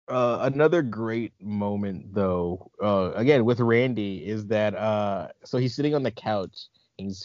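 A man in a relaxed podcast chat, breaking into laughter as he recaps scenes with enthusiasm. His voice sits at a middling pitch, recorded dry and slightly dull, lo-fi. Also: no echo. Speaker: podcast host. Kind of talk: casual movie-recap chat.

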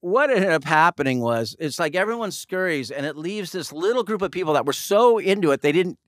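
A man's voice: on the high side, lively intonation, brisk, no room sound, clean studio sound. A man telling a story in casual chat, easygoing and wry with loose fillers.

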